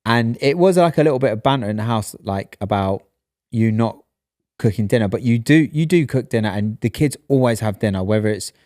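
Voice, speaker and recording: Low-voiced man, dry sound. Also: animated, brisk, darkish tone, dry recording. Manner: reassuring, explains things in context. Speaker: podcast co-host. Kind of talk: casual chat.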